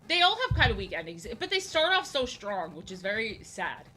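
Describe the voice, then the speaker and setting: A young woman streaming as she draws, chatting casually and rambling, often repeating herself and filling pauses with "um" and "like". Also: mid-range voice, very animated, sharp tone, a little hiss or hum, low-quality recording. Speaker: art streamer. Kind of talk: casual chat while drawing on stream.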